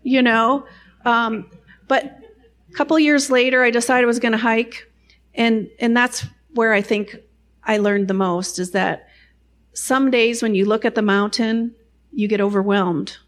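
A woman's voice: fairly high pitch, steady tone, a little slow. A middle-aged woman sharing a personal faith testimony in a chatty, self-deprecating way, full of "you know" asides.

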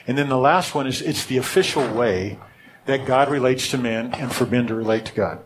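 A man's voice: medium pitch, brisk, background noise. A man teaching a sermon in a conversational way, often checking in with his listeners and restarting his sentences. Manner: restarts and repeats words. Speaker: pastor.

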